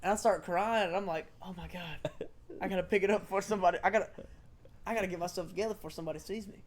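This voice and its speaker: A young man chatting casually as a podcast co-host, telling a story with lively acted-out yelps. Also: high voice, very fast. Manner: animated storytelling, acts out own yelps. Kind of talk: casual chat.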